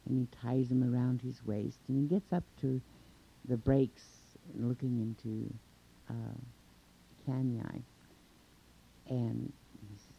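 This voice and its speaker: A man telling a traditional folk tale in an unhurried way, linking events with 'and' and pausing on fillers. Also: mid-range voice, fairly even intonation, vocal fry, warm tone, a little hiss or hum. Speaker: storyteller. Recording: dull lo-fi recording.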